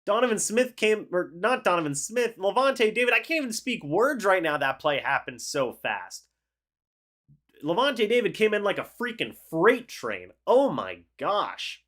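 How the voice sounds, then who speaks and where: A young man hosting a live football reaction stream, calling the plays and chatting with viewers in an excitable, talkative way. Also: high voice, unhurried. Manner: excitable, chatty, reads chat aloud and calls plays. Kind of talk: live game reaction with play-by-play and chat replies.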